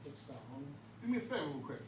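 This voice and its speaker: A man voicing a smooth-talking adult male gang recruiter who speaks in low, hushed street talk, friendly and coaxing but casually stern. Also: sing-song, moderate pace. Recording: distant echoey room with faint noise.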